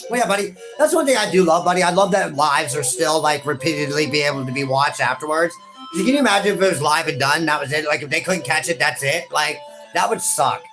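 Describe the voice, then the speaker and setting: A man's voice: a little high, fast, over music. A man hosting a game playthrough in casual banter, laughing easily and calling his partner "buddy". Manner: laughs a lot, calls the other "buddy". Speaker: host. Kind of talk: casual let's-play banter.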